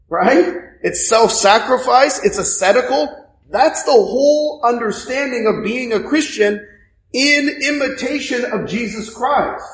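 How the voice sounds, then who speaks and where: Priest guy preaching, pretty high voice, chatty with lots of questions, roomy echo. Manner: conversational preaching, rhetorical questions. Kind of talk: sermon.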